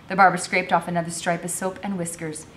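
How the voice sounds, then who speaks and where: A woman's voice: on the low side, level tone, fast talker, fairly bright tone, a little hiss or hum. A woman teacher reading a novel aloud, narrating expressively.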